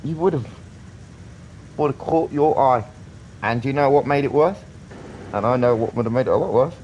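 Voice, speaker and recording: A man's voice: medium pitch, moderate pace, a little mellow, lo-fi sound, slight background noise. A British man in his thirties rambling earnestly in a casual live-stream chat, swearing often. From Britain.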